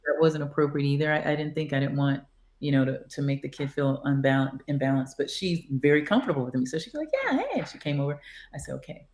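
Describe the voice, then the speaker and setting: A woman's voice: very deep voice, fast talker. A woman guest on a podcast, casually telling a story and acting out the dialogue. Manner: animated, acts out quoted dialogue. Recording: roomy echo.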